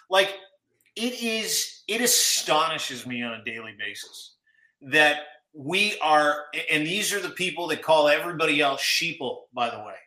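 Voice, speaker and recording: A man's voice: a little high, animated, unhurried, bright, forceful tone, echoey room, low-quality recording. A man co-hosting a political podcast, talking in a rambling, profane, incredulous way. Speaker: podcast co-host. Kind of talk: casual political chat.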